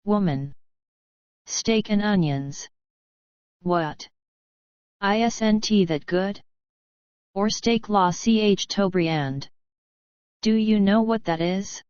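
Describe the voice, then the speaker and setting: A woman's voice: mid-range voice, darkish tone, clear, resonant tone, no room sound, natural voice. A woman voicing a hot-tempered middle-aged male joiner who rants and scolds, in a dry, slightly dull recording. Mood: lecturing. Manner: ranting, scolding.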